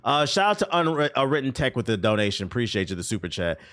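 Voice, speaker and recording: Speaking fast in a mid-range voice, a man rants and jokes on a stream covering gaming news. He swears a lot, leans on sarcasm, laughs often, and keeps the whole profane reaction lively.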